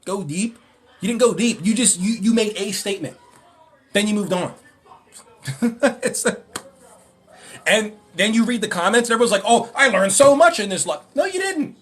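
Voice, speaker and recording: A man hosting a livestream Q&A, ranting and mocking in an animated way, often rambling and correcting himself. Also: high voice, normal speed, long pauses, husky. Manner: animated, mocking, breaks into laughter. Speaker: livestream host.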